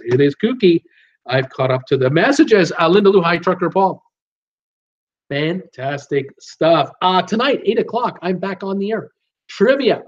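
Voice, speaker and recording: A man's voice: high-pitched, muffled recording. A man hosts a live cruise Q and A stream, chatting casually and reading out viewer names and comments with many "uh" fillers.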